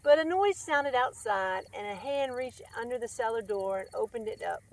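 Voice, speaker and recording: A woman's voice: fairly high pitch, animated, moderate pace. A woman hosting a storytime who reads a children's picture book aloud, friendly and chatty. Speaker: storytime reader and host.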